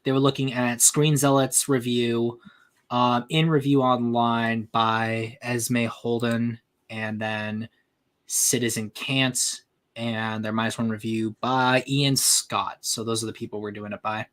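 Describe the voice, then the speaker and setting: A man's voice: medium pitch, slow pace. A man hosting a casual group podcast, joking, swearing and reading articles aloud. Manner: animated, jokey, swears freely. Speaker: podcast host.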